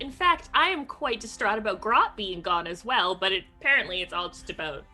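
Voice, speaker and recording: A woman's voice: medium pitch, expressive, fairly quick, few pauses, sharp tone, soft background music. A woman playing a tabletop game, speaking in a dry, sarcastic way. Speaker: player.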